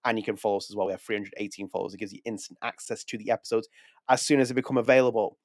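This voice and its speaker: A man's voice: on the low side, steady tone, racing, no echo, studio quality. Chatty man hosting a podcast. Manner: chatty, self-correcting, reads press text aloud. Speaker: podcast host. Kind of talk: casual podcast chat.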